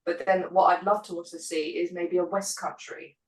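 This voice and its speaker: A woman's voice: on the low side, little pitch movement, normal speed. A British woman, a podcast guest, chatting enthusiastically in a casual conversation. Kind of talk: casual chat. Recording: echoey room.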